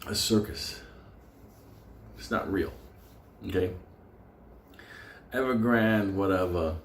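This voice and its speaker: A man hosting a stock market show, delivering a profane, fired-up unscripted rant and breaking into laughter. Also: lowish voice. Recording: roomy echo with faint noise.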